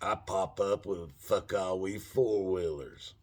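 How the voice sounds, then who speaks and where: A middle-aged male channel host with a deep, darkish voice tells a rambling, profane story at a slow pace. He keeps it casual and addresses his listeners as folks.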